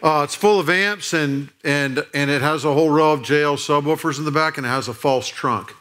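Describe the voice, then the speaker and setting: Bright-voiced jokey pastor in his forties. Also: fairly high pitch, fairly quick. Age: 40s. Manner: playful, jokey, asks the crowd questions. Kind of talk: humorous sermon storytelling. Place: church auditorium.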